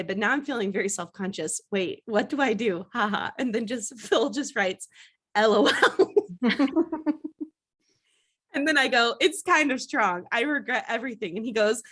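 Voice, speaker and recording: A young woman co-hosting a podcast, telling a story in casual chat, animated and laughing at herself. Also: on the high side. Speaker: podcast co-host.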